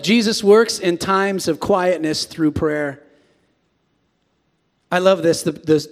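A man in his forties preaching a sermon as a pastor, swinging between hushed asides and sudden shouts. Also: fairly high pitch. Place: large church sanctuary. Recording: long reverb of a big hall.

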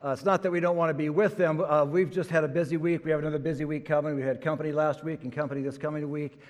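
A man's voice: fairly high pitch, fairly even intonation, rapid-fire. An older man, a pastor, giving a chatty, folksy sermon full of stories and fillers. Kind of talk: sermon with jokes. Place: church sanctuary. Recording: long church reverb.

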